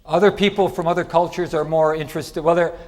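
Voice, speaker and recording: A middle-aged man giving a conference lecture in a lively, chatty way, asking the audience questions. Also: fairly high pitch, quick pace. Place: lecture hall.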